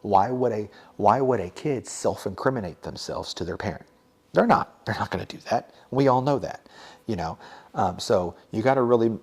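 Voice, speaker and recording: A young man with a slightly low voice talks casually, as a teacher sharing advice with other educators. He keeps it conversational, with plenty of fillers and quick asides. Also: slightly rough. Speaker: teacher and podcast host.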